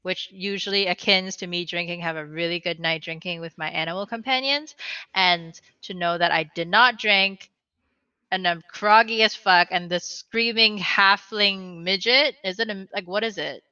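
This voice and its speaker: A woman's voice: lowish voice, normal speed, bright, forceful tone, clean tone, dry recording. A young woman playing a tabletop game, speaking bluntly and sarcastically in character. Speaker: player. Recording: dry, dull lo-fi sound.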